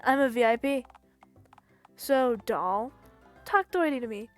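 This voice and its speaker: A woman's voice: on the high side, animated, measured pace, faint music behind. A woman voicing a sleazy male caller who is a pushy mugger and throws around pet names. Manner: smarmy, calls people pet names.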